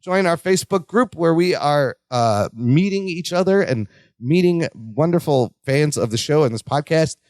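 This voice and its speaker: A man's voice: on the high side, lively intonation, normal speed, darkish tone, no echo. A man co-hosting a podcast, recapping a sitcom in casual chat, laughing often. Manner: chatty, laughs often, acts out quotes. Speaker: podcast co-host.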